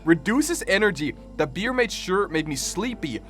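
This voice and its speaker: A man's voice: high voice, very animated, moderate pace, fairly bright tone, slightly rough, faint music behind. A man streaming a game, chatting casually with goofy, joking asides. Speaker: gaming streamer. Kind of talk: casual gameplay commentary.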